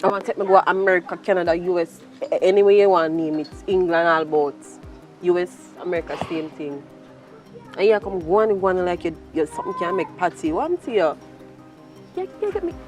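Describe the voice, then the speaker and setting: An actress with a Jamaican accent playing a brash, flirtatious bartender who taunts and scolds in heavy patois. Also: female voice, fairly low pitch, expressive, a little fast, a little mellow, soft background music, close to an everyday voice, rough recording. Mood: scolding. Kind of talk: web series acting.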